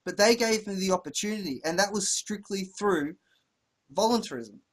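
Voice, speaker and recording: A man's voice: high voice, lively intonation, moderate pace. A man from Australia with an Australian accent, hosting an interview in a loose, rambling way with many fillers. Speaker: interview host. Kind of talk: casual interview chat.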